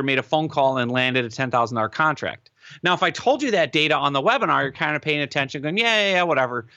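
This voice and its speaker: A man being interviewed, giving advice in an animated, emphatic way and often checking in with "right?". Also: fairly high pitch, no echo, lo-fi sound. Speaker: guest expert on webinars.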